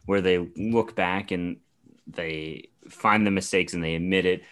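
Low-voiced guy, loose sports banter. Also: fairly even intonation, measured pace, fairly bright tone. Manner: loose, swears freely, laughs often. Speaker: podcast co-host. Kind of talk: casual sports chat.

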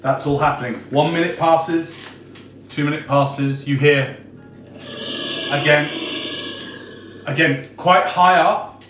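A man's voice: a little high, fairly even intonation, takes it slowly, pauses often, a bit bright, faint music behind. A man running a tabletop game as game master, describing scenes unhurriedly with many fillers. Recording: roomy echo, distant mic.

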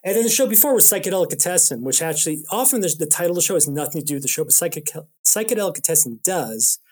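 A man from Toronto, an improv comedian telling stories in a casual interview, animated with lots of restarts. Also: a little high, fast talker. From Toronto, Canada. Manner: animated storyteller, rambling restarts. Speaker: improv comedian and show producer.

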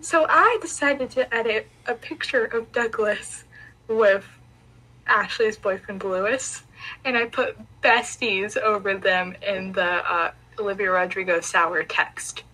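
A woman's voice: medium pitch, unhurried, sharp tone, slightly rough, low-quality recording. A young woman co-hosting a podcast over a remote call, teasing and enthusiastic in casual chat. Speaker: podcast co-host.

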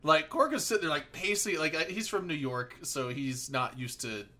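A man in casual chat, telling an animated story and swearing freely. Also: fairly high pitch, moderate pace.

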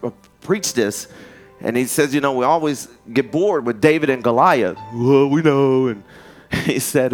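Animated preacher man, lively sermon. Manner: animated storytelling, jumps to high excited pitch for quoted voices.

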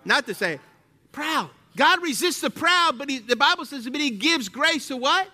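This pastor's voice is very high, and he preaches at a moderate pace. His sermon is lively and packed with rhetorical questions aimed at the congregation.

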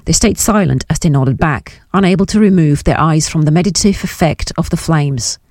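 A woman narrating a novel in a measured, descriptive audiobook reading. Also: deep voice, a little mellow, no room sound, clean studio sound. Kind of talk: scripted narration.

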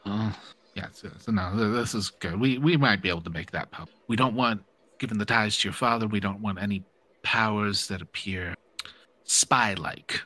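Man as a halting corporate professor, bright tone, lots of ums. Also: lowish voice, dry recording. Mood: businesslike. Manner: bureaucratic, hesitant, filler-heavy. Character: fussy male program director, image-minded.

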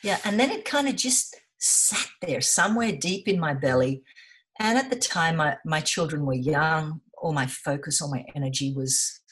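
Low-voiced woman telling her story earnestly. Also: lively intonation, moderate pace, fairly bright tone. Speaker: interview guest, environmental volunteer. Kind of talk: conversational interview.

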